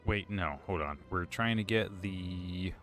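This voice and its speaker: A man's voice: sits low, slow, fairly bright tone, soft background music. A man giving casual, joking live-stream commentary while playing a game, rambling with restarts, drinking as he talks. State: drinking alcohol.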